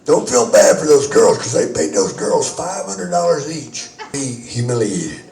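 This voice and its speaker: A man's voice: medium pitch, sing-song, normal speed, vocal fry, warm tone, faint music behind. A man telling a crude, rambling anecdote to a group, swearing and laughing often. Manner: profane, laughing, rambling storyteller. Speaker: storyteller. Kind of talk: crude anecdote told to an audience. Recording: echoey room from far off, crowd behind.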